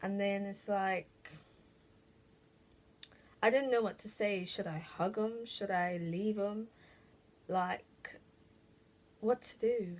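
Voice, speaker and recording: A young woman telling a personal story to camera in a casual vlog, halting and full of "like" and restarts. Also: medium pitch. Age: young adult. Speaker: vlogger.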